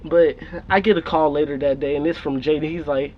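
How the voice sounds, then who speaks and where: Young male vlogger, raised pitch, faint hiss, rambling swearing storyteller. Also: fairly even intonation, fairly quick, few pauses. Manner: profane, laughing, rambling. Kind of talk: casual storytelling. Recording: dull lo-fi recording with faint noise.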